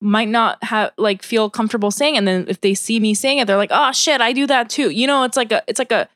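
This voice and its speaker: A woman comedian chatting casually on a podcast, telling a story in a lively way with lots of "like" and acted-out quotes in changing voices. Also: mid-range voice, quick pace, no room sound, studio quality. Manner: animated, heavy use of "like", acts out quotes in shifting voices.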